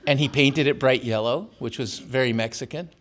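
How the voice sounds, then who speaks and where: In a campus auditorium, an older man who was born in Tijuana and raised in San Diego speaks as an author, laughing at his own jokes while sharing wry family stories in a storytelling lecture. He has a mid-range, fairly bright voice and a moderate pace.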